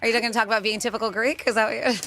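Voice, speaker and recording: Bright, animated woman radio co-host. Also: a little high, racing, soft background music. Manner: animated, teasing, retells scenes in quoted voices. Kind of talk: casual morning radio chat. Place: radio studio. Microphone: studio microphone.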